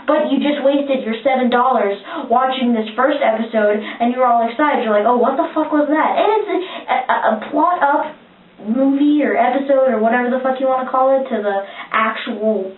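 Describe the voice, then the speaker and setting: High-voiced woman ranting, tinny and distant. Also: normal speed. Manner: rambling, profane, exasperated. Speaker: movie reviewer. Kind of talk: casual chat. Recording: echoey, distant, phone-like lo-fi sound.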